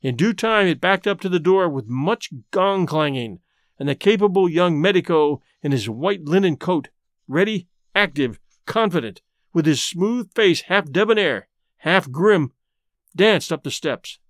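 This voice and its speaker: A male storyteller reading a classic short story aloud, measured and unhurried. His voice is fairly high for a man, and the sound is dry and close, with no room to it. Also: animated, no room sound. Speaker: storyteller and podcast host.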